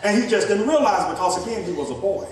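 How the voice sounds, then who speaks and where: A male pastor preaching a sermon, rising into shouts and speaking straight to the congregation. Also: high voice, expressive, fast talker. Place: church sanctuary. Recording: echoey church hall from far off, congregation. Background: congregation responding.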